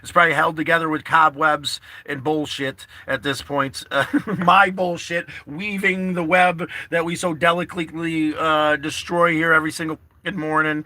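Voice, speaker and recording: A man's voice: a little high, level tone, a little fast, hardly any pauses, sharp tone, no echo. A man chatting casually to livestream viewers from his parked car, rambling and earnest, repeating himself and swearing freely. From New York State.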